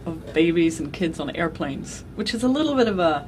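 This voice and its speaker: A woman's voice: fairly low pitch, expressive, a little fast, darkish tone, a little hiss or hum. A woman hosting an interview, asking brief questions and murmuring as she listens. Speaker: host, interviewer.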